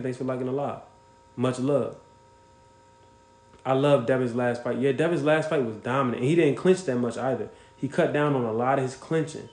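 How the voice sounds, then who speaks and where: A man's voice: medium pitch, echoey room. A man hosting a casual livestream, talking bluntly and with plenty of swearing while thanking viewers by name. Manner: blunt, profane, shouts out viewers. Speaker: livestream host.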